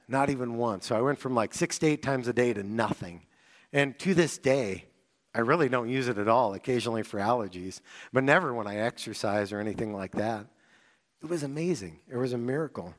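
A young male pastor delivers a sermon in a conversational, storytelling way. His voice sits at an ordinary middle pitch. Now and then he jumps into excited, high-energy outbursts. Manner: animated storytelling with sudden excited bursts.

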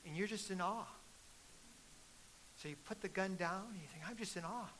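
A middle-aged man preaching a sermon as pastor, telling stories and building to loud, emphatic peaks. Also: sits high, moderate pace, background noise.

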